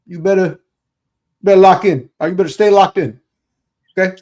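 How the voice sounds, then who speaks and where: A man's voice: high-pitched, steady tone, normal speed, dark tone, close to an everyday voice. A man on a football podcast putting on a bossy, taunting voice to call out a player. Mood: mocking. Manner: taunting, hollering address. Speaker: co-host.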